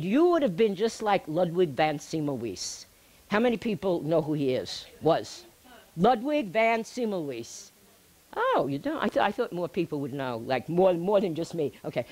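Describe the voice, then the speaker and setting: Lively, animated woman telling a story. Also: lowish voice, fairly quick. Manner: chatty and animated, laughing at her own story. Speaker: speaker giving a healing talk. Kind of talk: personal storytelling to a live audience.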